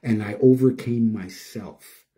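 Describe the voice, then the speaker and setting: An older man giving an emotional, preachy spiritual monologue, chanting repeated phrases and swinging between loud and hushed. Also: fairly low pitch, takes it slowly. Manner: preachy, repetitive, chanting lists. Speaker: spiritual speaker.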